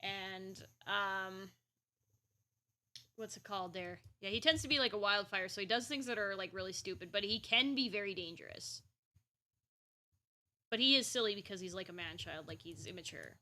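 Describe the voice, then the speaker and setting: A woman streamer talks casually while she draws, in a chatty, playful, rambling way. Her voice is bright and forward. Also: mid-range voice, moderate pace, pauses often. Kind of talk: casual chat while drawing.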